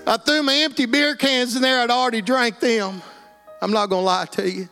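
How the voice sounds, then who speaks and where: A man's voice: very high voice, steady tone, fairly quick, pushed and bright, faint music behind. A middle-aged man from Texas with an East Texas accent, telling his life story as an earnest, plainspoken guest. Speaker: guest giving testimony. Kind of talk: emotional personal testimony.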